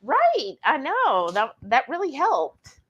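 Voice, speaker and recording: A woman's voice: high voice, wildly swooping pitch, slow pace, dull audio. A woman co-hosting a live cooking stream, chatting casually and reading viewer comments aloud. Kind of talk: casual live cook-along chat.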